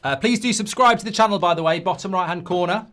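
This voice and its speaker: Higher-voiced man hosting a live football watchalong. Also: fast, pushed and bright. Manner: swearing, exasperated outbursts at the game; reads viewer comments aloud. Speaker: watchalong host.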